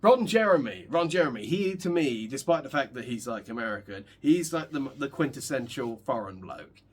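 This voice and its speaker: A man's voice: mid-range voice, animated, normal speed, slightly rough. A young man chatting casually as a guitar vlogger while he practices, rambling and joking with many restarts. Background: guitar playing.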